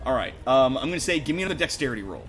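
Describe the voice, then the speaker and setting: A man's voice: medium pitch, rapid-fire, music in the background. A man running a tabletop game as game master, narrating with lots of fillers and laughter. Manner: animated, laughing, filler-heavy.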